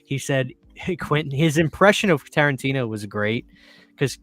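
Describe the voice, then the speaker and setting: A man hosting a casual podcast chat, telling animated stories, laughing often and swearing casually. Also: mid-range voice, normal speed. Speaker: podcast host.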